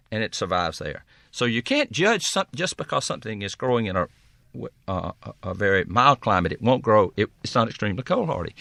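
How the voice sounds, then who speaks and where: A nurseryman guest talks in a low but lively voice that rises and falls a lot. His tone is bright, and the dry studio sound keeps him close. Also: no echo. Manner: animated, stumbles and restarts. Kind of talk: casual on-air chat.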